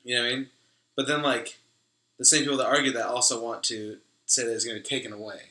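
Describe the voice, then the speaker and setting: A man's voice: mid-range voice, level tone, fast talker, bright, forceful tone, roomy sound. A man co-hosting a casual discussion, often saying "like" and "you know what I mean". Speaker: podcast co-host.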